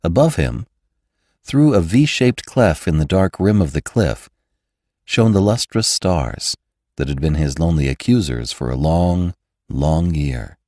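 Deep male narrator for classic fiction; measured and expressive, very low voice with lively rise and fall, dry close sound. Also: no echo. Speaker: narrator and podcast host. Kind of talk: scripted audiobook narration.

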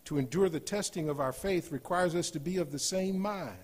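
A man preaching a sermon in a church, rising to loud emphatic scripture reading and dropping to softer asides. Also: on the high side, brisk. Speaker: guest preacher. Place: church sanctuary.

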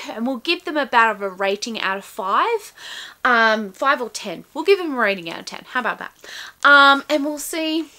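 A woman's voice: sits high, sharp tone. A woman hosting a casual book-box unboxing, chatting in a rambling way with frequent ums and self-corrections. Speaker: book channel host.

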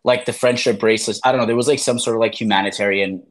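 Talking very fast in a lowish voice with fairly even intonation, this interview guest is a man in his thirties who was on a reality show and grew up with immigrant parents. The casual chat rambles, profane and packed with fillers and acted-out quotes.

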